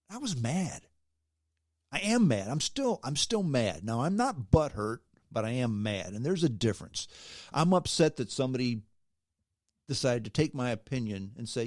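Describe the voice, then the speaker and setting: Animated man ranting on his podcast. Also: mid-range voice, no room sound, clean studio sound. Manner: emphatic, animated, often ends points with "okay?". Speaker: podcast host. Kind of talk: solo podcast opinion rant.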